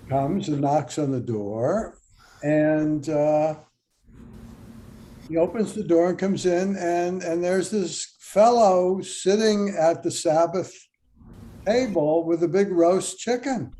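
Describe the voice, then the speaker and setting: An older man, a doctor and guest, telling a long joke in a casual chat with measured storytelling. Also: high-pitched, warm tone, a little hiss or hum.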